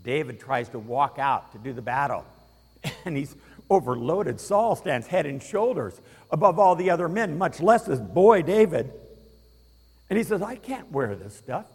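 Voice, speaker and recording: A man pastor preaching a lively sermon in a church, getting the congregation to repeat lines aloud. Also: on the high side, measured pace, breathy edge. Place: church sanctuary. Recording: reverberant hall.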